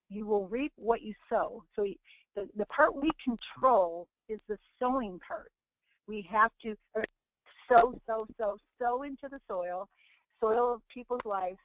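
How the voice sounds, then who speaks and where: In muffled, lo-fi webinar audio, a woman with a mid-range voice and no echo delivers a motivational talk. She preaches, repeating phrases and acting out the people she quotes.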